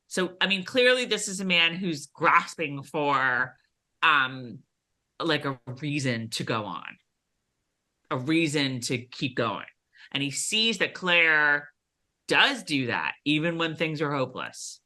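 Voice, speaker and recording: A woman co-hosting a casual recap chat, with a low, bright voice that swings widely in pitch. She talks in a chatty way, full of fillers and restarts. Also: very animated, slow pace. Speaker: podcast co-host.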